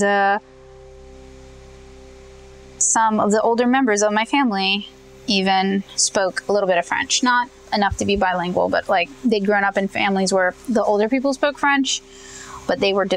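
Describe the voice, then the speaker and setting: A woman's voice: medium pitch, moderate pace, fairly bright tone, low-quality recording. Chatty young woman painting and talking. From Louisiana, US. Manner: chatty, self-correcting, thinks aloud while painting. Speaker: comic artist testing paints. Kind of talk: casual painting commentary.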